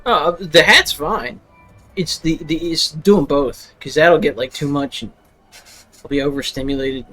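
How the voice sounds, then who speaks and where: A man's voice: on the high side, measured pace, pushed and bright, faint music behind. Rambling, laughing young man streamer. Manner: rambling, laughing often, full of fillers. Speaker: livestream host. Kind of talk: casual stream chat.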